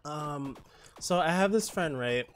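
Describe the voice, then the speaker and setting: A man's voice: on the high side, animated, measured pace, soft background music. Playful campy male game streamer. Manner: playful, campy, rambling storyteller. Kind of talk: casual game-stream chat.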